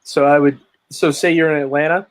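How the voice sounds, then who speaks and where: A man with a fairly high, steady voice speaks briskly over a low-quality recording. He's a lead generation marketer appearing as a guest on a video call, telling his story energetically with lots of emphasis and frequent restarts in a casual interview chat.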